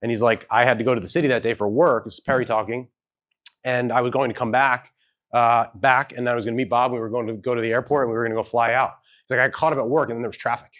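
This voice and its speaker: Before an audience in an event hall, a dad delivers a keynote built on a personal story, acting out the people he quotes and hedging in a casual way. His medium-pitched voice is fairly bright, his intonation fairly even, and his pace quick.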